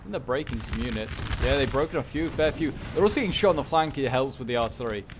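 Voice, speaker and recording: A man giving casual, rambling commentary on a strategy game battle, excitable and talking back to the units on screen. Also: medium pitch, fast, noisy background. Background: gunfire and battle sounds.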